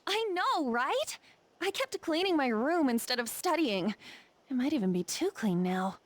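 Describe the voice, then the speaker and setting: A woman's voice: high voice, big pitch swings, a little slow, voice pushed up. A woman streamer voicing a chatty teenage girl while reading game dialogue. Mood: weary. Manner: chatty, sighing. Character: bubbly, tired teenage girl.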